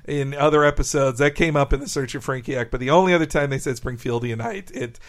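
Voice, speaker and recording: A man co-hosting a podcast, chatting casually and enthusiastically with frequent chuckles. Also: medium pitch. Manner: enthusiastic, chuckling, quick asides. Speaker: podcast co-host. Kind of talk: casual chat.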